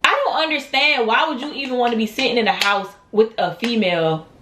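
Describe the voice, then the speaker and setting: A woman's voice: a little high, brisk, background noise. A young woman, telling a dramatic storytime straight to her viewers and acting out what people said. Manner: dramatic, talks straight to viewers, acts out quotes. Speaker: storytime vlogger. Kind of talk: animated storytime vlog. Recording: roomy echo.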